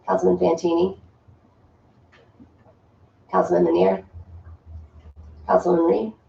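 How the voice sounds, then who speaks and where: Give me a woman with a squeaky, strained voice calling a roll in a town hall meeting room, official and crisp. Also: level tone, measured pace, mellow. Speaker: town clerk reading notices. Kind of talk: formal read-out of a legal notice. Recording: distant, roomy, dull meeting-room audio.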